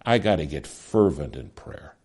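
A middle-aged man preaching a sermon, with dramatic delivery that drops to a hush for emphasis. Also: very deep voice, animated, moderate pace, husky.

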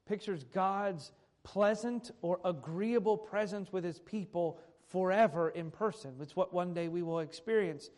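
A man's voice: high-pitched, normal speed, a little mellow. A man preaching a sermon who reads old scripture aloud and then restates it in plain everyday words. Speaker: pastor.

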